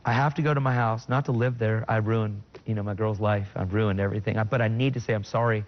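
A middle-aged man telling his personal faith testimony in conversation. He speaks earnestly and with feeling, and his voice jumps high in sudden bursts when he quotes himself. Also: steady tone, fast talker, muffled recording. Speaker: guest sharing his testimony.

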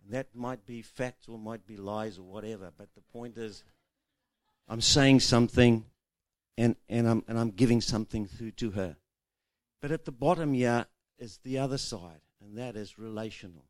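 A man giving a relaxed teaching talk on marriage, telling stories and drawing on a whiteboard. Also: mid-range voice, moderate pace, no echo. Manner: chatty, storytelling, acts out quoted voices. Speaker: marriage seminar speaker. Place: room with a whiteboard.

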